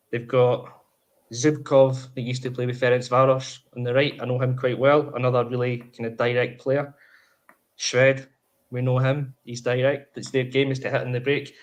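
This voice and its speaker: A man, co-hosting a casual football podcast, chatty and opinionated. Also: medium pitch. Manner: chatty, opinionated, fast-flowing. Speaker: podcast co-host.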